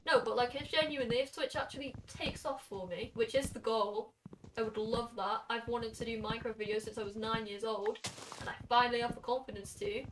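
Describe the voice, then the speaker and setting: A young woman in her late teens with a Welsh accent, chatting casually with her stream chat while gaming and throwing in quick asides. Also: on the high side, steady tone, noisy background. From Wales. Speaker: game streamer. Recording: somewhat distant mic with faint music.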